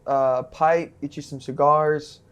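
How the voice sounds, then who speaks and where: A man's voice: fairly high pitch, little pitch movement, slow, fairly bright tone, smooth. A man co-hosting a podcast, chatting loosely and joking as he rambles along on a couch indoors. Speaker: podcast co-host. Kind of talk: casual podcast chat.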